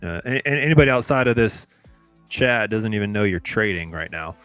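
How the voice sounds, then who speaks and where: Man, low voice, trading co-host, laid-back casual talk, repeats words, faint background music. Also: animated, fairly bright tone, no echo. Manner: laid-back, repeats himself, drawn-out phrasing. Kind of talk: casual live-stream chat.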